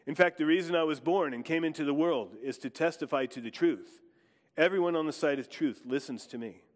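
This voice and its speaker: A man reading as a calm man on trial. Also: on the high side, brisk, long reverb tail, close to an everyday voice. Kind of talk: dramatic scripture reading.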